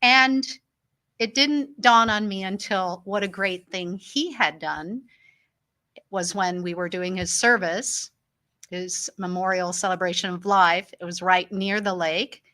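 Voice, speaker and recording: A middle-aged woman from Illinois hosts a talk show, earnestly telling personal family stories in a monologue and springing into livelier voices when quoting others. Her voice is medium-pitched and sharp, and she speaks a little slowly.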